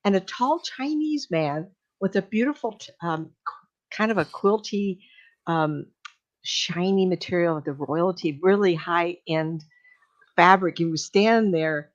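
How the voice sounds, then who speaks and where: An older woman, a medium, telling stories casually on a radio show in a chatty, animated way, often laughing. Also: on the low side, unhurried, highs cut off. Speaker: psychic medium guest.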